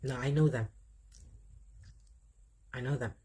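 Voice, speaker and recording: Husky Nigerian woman hosting a live chat. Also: rumbling low, takes it slowly. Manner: animated, talks straight to viewers, laughs often. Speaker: livestream host. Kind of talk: live commentary, reading viewer comments.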